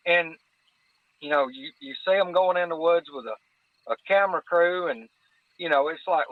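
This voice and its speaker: A man's voice: on the high side, normal speed, pauses often, no echo. A man from North Alabama with a Southern accent, a podcast guest talking in a folksy, earnest way and often repeating words as he searches for them. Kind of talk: casual chat. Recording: dry, phone-like line.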